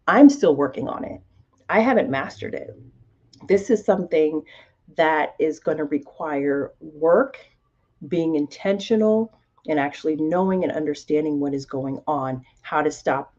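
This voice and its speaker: Slow, deep-voiced woman coaching listeners. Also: dark tone, muffled recording. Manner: deliberate, emphatic, repeats key phrases. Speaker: podcast host and life coach for moms. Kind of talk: motivational self-help talk.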